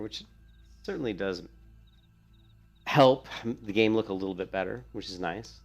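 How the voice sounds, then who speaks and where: A man's voice: lowish voice, a little slow, long pauses, faint music behind. A young man giving casual, rambling commentary while playing a video game. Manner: rambling, filler-heavy, restarts often. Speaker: gaming video host.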